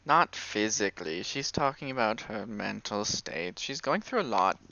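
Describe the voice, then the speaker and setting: A man voicing a calm, knowing female witch who sees past and future. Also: lowish voice, normal speed, vocal fry, no echo, highs cut off, exaggerated voice. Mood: cryptic. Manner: calm, knowing, gently teasing. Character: cryptic pale witch, woman, calm seer.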